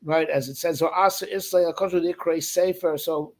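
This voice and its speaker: Male rabbi, casual lesson delivery, rambling with fillers; slightly raised pitch, gravelly texture. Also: steady tone, normal speed, a little mellow. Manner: rambling, many fillers and 'right?' checks. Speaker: rabbi teaching.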